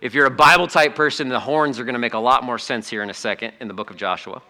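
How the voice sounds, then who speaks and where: Bright-voiced man preaching animatedly. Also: mid-range voice, fast talker. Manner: animated, conversational preaching with acted-out quotes. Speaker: pastor. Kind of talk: sermon.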